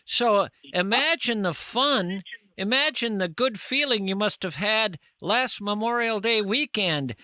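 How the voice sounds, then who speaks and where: A man's voice: sits high, lively intonation, a little slow, sharp tone, no echo. A man hosting a podcast interview, teasing his guest with wry, mock-outraged asides in casual chat. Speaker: podcast host.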